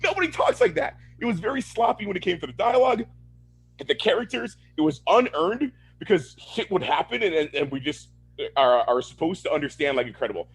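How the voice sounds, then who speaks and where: A man's voice: fairly high pitch, lively intonation, fairly quick, slightly rough. A man co-hosting a podcast, ranting casually with lots of swearing and laughter. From Florida, USA. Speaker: podcast co-host. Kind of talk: casual chat.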